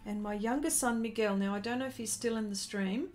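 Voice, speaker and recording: A woman in her forties, an artist and host, tells a meandering story on a casual live stream and pauses now and then to say hello to viewers. Her voice sits fairly high, with a brisk delivery and a somewhat dark tone.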